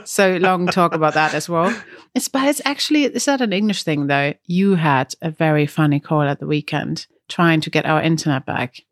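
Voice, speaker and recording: A woman's voice: low-pitched, normal speed, no echo, studio quality. German-accented woman chatting on a podcast. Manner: chatty storyteller, laughs often. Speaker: podcast co-host. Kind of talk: casual chat.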